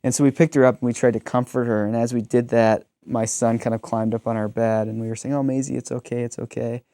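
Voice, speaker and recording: A man's voice: mid-range voice, level tone, fast talker, dark tone, clean tone, dry recording. A man in his thirties, a pastor, talking reflectively in a conversational discussion and telling stories with frequent ums.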